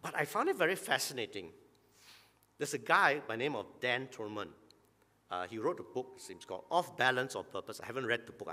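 A male pastor giving a conversational sermon in a church, putting rhetorical questions to the congregation and often clearing his throat. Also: medium pitch, bright, forceful tone. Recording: long church-hall reverb.

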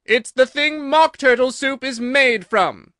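A man voicing a tyrannical queen who shouts her orders in a shrill, bellowing voice, for a storybook reading. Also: unhurried, dry recording, studio quality, full character voice. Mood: commanding.

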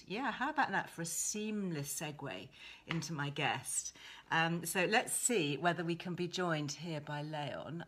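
A woman's voice: sits low, fairly bright tone, a little hiss or hum. Chatty woman hosting a live stream. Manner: chatty, greets viewers by name. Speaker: host. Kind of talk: casual live-stream chat. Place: her home.

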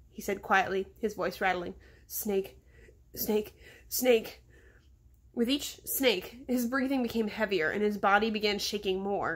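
A woman's voice: mid-range voice, a bit bright. A woman reading aloud from her children's novel at home, giving the boys' lines small voice shifts. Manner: stops to talk to her dog, then goes on reading. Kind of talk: storybook reading.

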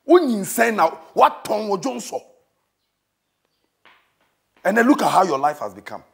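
A Ghanaian man preaches in a high, gravelly voice that leaps up and down in pitch. He scolds his listener dramatically and breaks into shouts, then drops to a low pleading murmur. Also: very animated, normal speed. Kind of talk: comic sermon.

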